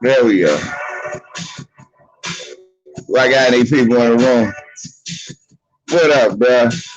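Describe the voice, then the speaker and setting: A man's voice: mid-range voice, slow pace, lo-fi sound, soft background music. A man hosting a casual livestream, greeting viewers by name in loose slang. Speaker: livestream host.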